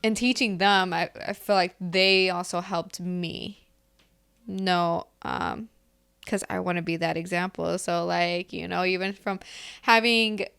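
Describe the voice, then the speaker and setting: Low gravelly-voiced woman co-host. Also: steady tone, fairly bright tone, no echo, clean studio sound. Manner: halting, searches for words. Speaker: podcast co-host. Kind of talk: casual faith podcast chat.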